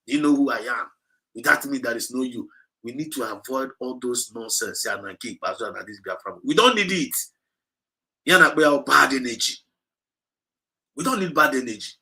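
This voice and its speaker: Gravelly and sharp in tone, this mid-range male voice is expressive and moves at a moderate pace. He is a movement speaker with a Nigerian Igbo accent, exhorting a livestream audience, going over his points repeatedly and shifting between English and Igbo.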